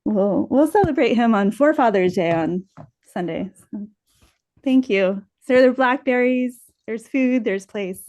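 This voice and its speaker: A woman's voice: fairly high pitch, animated, a little slow, a little mellow. A woman on a video call telling a personal family story earnestly, acting out the quoted lines. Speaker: workshop participant.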